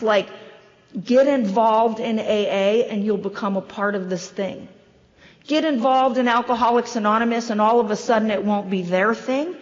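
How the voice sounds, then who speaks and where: A woman in her fifties or older shares her recovery story from a podium, her voice sitting a bit high. She tells it with wry, self-deprecating asides. The long reverb of a large hall trails her words on a dull recording. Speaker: convention opening speaker. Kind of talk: recovery meeting speaker share. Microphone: podium microphone.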